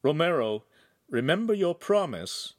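A man voicing a commanding, good-humored nobleman who gives orders briskly and teases. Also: a little high, big pitch swings, dry recording, clean studio sound, pitched above the performer's own voice.

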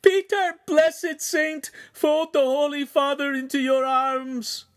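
A woman's voice: high-pitched, level tone, slow, voice pushed up. A male narrator voicing a grieving old signora who shrieks in anguish. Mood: wailing.

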